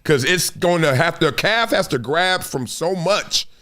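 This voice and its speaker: A man hosting a sports talk stream in a casual, slangy, animated way, laughing often. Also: fairly high pitch, unhurried. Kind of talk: casual live-stream commentary.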